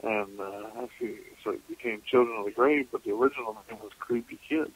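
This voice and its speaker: A man who investigates the paranormal tells stories as a guest in a casual radio interview, laughing and folksy. His voice is fairly low, brisk, and husky, and the audio is muffled like a radio call.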